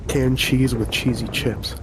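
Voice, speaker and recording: A man's voice: mid-range voice, fairly even intonation, measured pace, noisy background. A man in casual gaming voice chat, rambling and teasing his friends, swearing freely. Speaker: streamer in voice chat.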